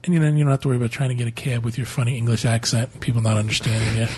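A man's voice: medium pitch, flat delivery, rapid-fire, crowd noise. A man co-hosting a podcast, reading listener email aloud in a casual, joking way. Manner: joking, laughs often. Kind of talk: casual chat.

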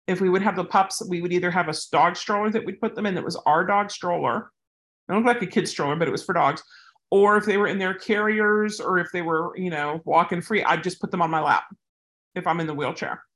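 In a casual advice vlog, a woman who handles service dogs answers a viewer's question, chatty and rambling with plenty of tangents. Her voice sits on the low side and is a bit bright.

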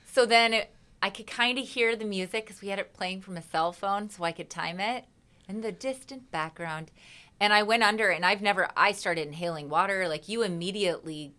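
A woman's voice: medium pitch, a little fast, bright, forceful tone. A woman, a singer, chatting as a guest in an interview and acting out her own reactions as she tells a story. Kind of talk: casual interview chat.

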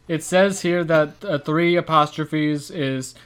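A man's voice: on the high side, takes it slowly, fairly bright tone. A man co-hosting a podcast in casual chat, laid-back and hesitant, with many fillers. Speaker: podcast co-host.

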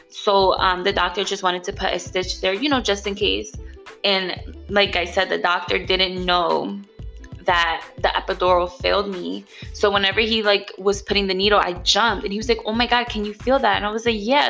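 A woman's voice: medium pitch, gravelly, fairly bright tone. A young woman casually telling her birth story, chatty and blunt, full of slang and "like".

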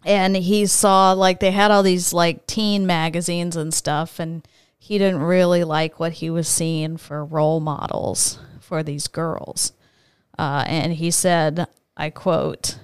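A woman's voice: fairly low pitch, flat delivery, slow, clean tone, no echo, clean studio sound. A young woman co-hosting a casual podcast chat, talking with lots of fillers and reading out quotes. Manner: chatty, many "like" fillers. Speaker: podcast co-host.

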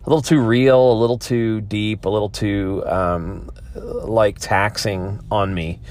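Low-voiced man musing on a podcast. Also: steady tone, unhurried, darkish tone. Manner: rambling, thoughtful, many restarts. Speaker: podcast host. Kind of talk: casual monologue.

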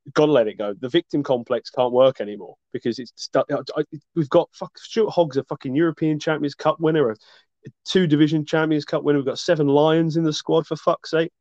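A man's voice: on the high side, fairly even intonation, fairly quick, darkish tone, no echo. A man co-hosting a casual sports chat, talking with passion and swearing freely. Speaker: podcast co-host. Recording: dull lo-fi dry recording.

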